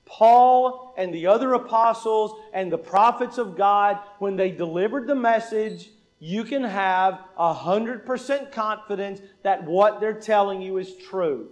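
A man with a high voice delivers a sermon and puts question after question to the congregation before answering them himself. He leans on repetition to drive a point home and acts out the dialogue in his stories. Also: measured pace, hardly any pauses. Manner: repeats lines for emphasis; acts out quoted dialogue in an anecdote. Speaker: preacher.

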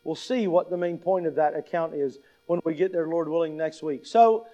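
Male pastor, high voice, sermon, emphatic, repeats key lines, questions for the congregation. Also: moderate pace, mellow, rough recording.

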